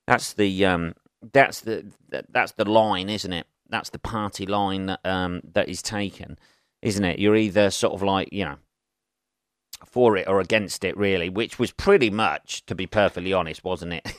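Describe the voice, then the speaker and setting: Sweary rambling podcast host. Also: male voice, deep voice, steady tone, moderate pace, clean tone, dry recording, studio quality. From England. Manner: sweary, rambling and chatty, asking rhetorical tag questions. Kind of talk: solo podcast monologue.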